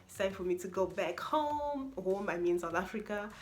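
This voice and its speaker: A young woman, a university student, telling an expressive, exasperated story-time vlog with lots of repetition. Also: mid-range voice, moderate pace, slight background noise. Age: young adult.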